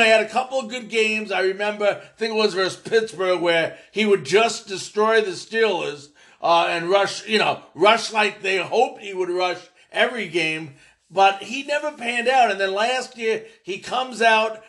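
A man hosting a solo sports podcast, talking in an animated, emphatic way and ranting at times. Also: high-pitched.

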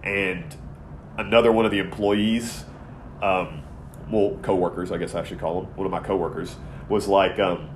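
A man's voice: sits low, steady tone, normal speed, background noise. A man in his thirties co-hosting a podcast, telling a long, rambling, profane story in casual chat. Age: 30s. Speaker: podcast co-host.

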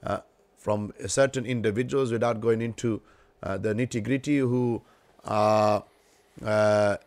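Male podcast guest, lowish voice, dry sound, careful hedging delivery. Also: steady tone, unhurried, darkish tone, dry recording. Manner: hesitant, hedging with fillers. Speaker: podcast guest, religious teacher. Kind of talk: casual podcast discussion.

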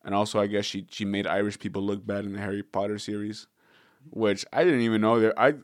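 A man's voice: fairly low pitch, fairly even intonation, fast, no room sound, clean studio sound. Rambling, profane man in casual chat. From Southern California. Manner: rambling, profane, laughs often.

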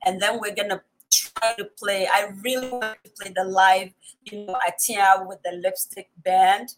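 A woman's voice: medium pitch, steady tone, a little slow, soft background music, low-quality recording. A woman hosting a live-streamed interview on a video call, talking with enthusiasm. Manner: enthusiastic, exclamatory. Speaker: host.

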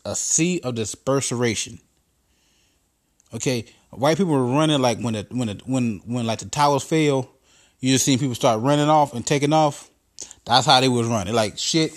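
A man hosting a podcast, telling a profane comic rant with lots of stammered restarts. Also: medium pitch. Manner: animated storytelling with frequent stammered restarts. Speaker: podcast host.

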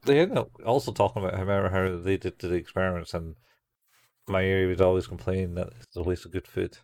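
A man talks through a show's plot in a relaxed, casual way, cursing now and then. His voice sits on the low side. The sound is dry and close, with no room around it. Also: fast, no echo. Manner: laid-back, swears casually, acts out characters' lines. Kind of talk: casual chat recapping a show.

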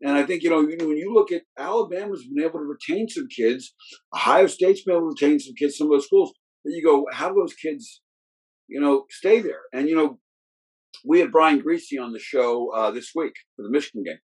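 A man's voice: a little high, fairly quick, a little mellow, breathy edge, low-quality recording. A middle-aged man, a football coach, chatting casually and telling rambling stories full of restarts and fillers. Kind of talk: casual storytelling chat.

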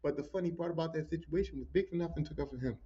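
A man hosting a podcast, telling animated, profane stories about his job as a pile driver. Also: fairly high pitch, rapid-fire. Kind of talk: casual storytelling. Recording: dull lo-fi recording.

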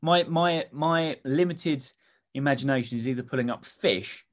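A man's voice: medium pitch, normal speed. A man on a podcast, telling a made-up movie plot in a loose, rambling way full of ums and asides. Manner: rambling storytelling with fillers and swearing. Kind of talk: casual comedic chat.

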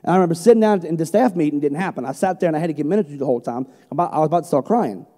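Middle-aged male pastor, high mellow voice, passionate sermon in a reverberant hall. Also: animated, racing. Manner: passionate, swings from loud emphatic peaks to quiet storytelling.

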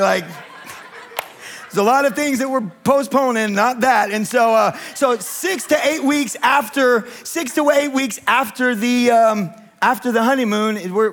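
A man in his thirties preaches a sermon full of funny stories. His voice sits high for a man. He keeps it chatty and joking, and he often asks the congregation to raise their hands. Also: fairly bright tone. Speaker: pastor. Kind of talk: humorous sermon storytelling. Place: church sanctuary with congregation.

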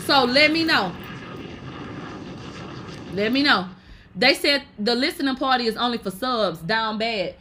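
Brash, bright high-voiced woman streamer. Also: animated, normal speed, pauses often. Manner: brash and profane, laughs loudly often. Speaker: livestream host. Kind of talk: casual livestream chat reading viewer comments.

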